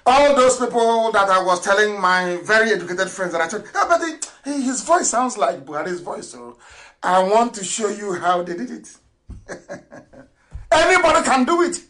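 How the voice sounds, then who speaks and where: A man hosting an impassioned political broadcast, swinging between loud declarations and low asides and laughing often. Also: expressive, moderate pace, low-quality recording. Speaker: broadcast host.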